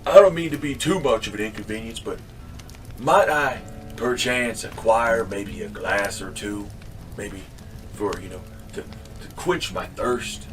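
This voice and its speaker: A man voicing an excitable hungry wanderer who gushes and exclaims theatrically. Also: lowish voice, a little slow, recorded from a distance, faint music behind, lightly acted. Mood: scheming.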